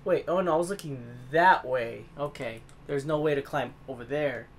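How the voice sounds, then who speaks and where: Muttering one moment and shouting at the game the next, a man provides profanity-heavy let's-play commentary as a gaming host. He talks at a moderate pace, with slight background noise.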